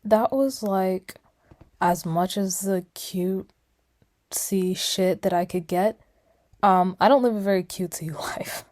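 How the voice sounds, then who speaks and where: A woman's voice: medium pitch, slow pace, darkish tone, faint music behind. A young woman chatting casually in a vlog, giggly and loose. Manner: giggly, loose, laughing between lines. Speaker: vlogger.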